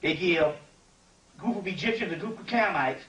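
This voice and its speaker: A man giving an informal spiritual lecture, animated and digressive, often checking that listeners follow. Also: high voice, moderate pace. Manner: animated, digressive, keeps asking "you see what I'm saying". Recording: echoey room, distant mic, faint ambient noise.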